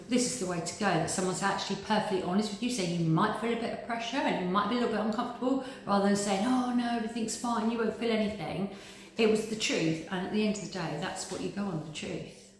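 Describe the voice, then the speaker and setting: A middle-aged woman giving an earnest, chatty patient testimonial, repeating words like "very, very". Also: mid-range voice. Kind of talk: casual interview testimonial. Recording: very echoey room with faint noise.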